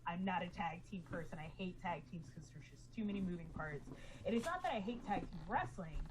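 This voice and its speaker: A woman's voice: on the low side, a little hiss or hum, poor audio. A woman telling her story candidly as an interview guest, emotional and acting out quotes.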